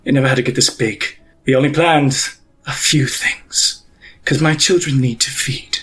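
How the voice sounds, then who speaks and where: A man's voice: medium pitch, moderate pace, a bit bright, slightly rough. A man voicing a vengeful female pontiff who is a cold mother of monsters, speaking in menacing, clipped threats.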